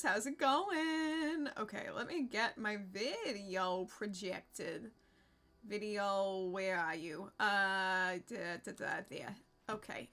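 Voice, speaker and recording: A woman's voice: on the high side, pushed and bright. A woman live streamer chatting casually with her viewers, rambling, laughing often and swearing freely.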